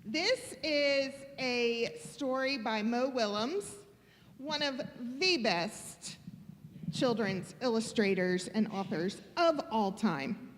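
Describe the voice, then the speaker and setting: A woman leading a children's time in a church service, telling a story in an animated, cheerful way. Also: on the high side, slow pace. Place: church sanctuary. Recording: long church reverb, faint noise.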